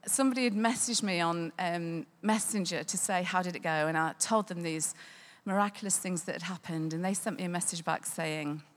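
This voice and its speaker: A woman's voice: fairly low pitch, brisk, a little hiss or hum. A woman recounts a personal faith testimony. She speaks conversationally, with frequent ums and small restarts.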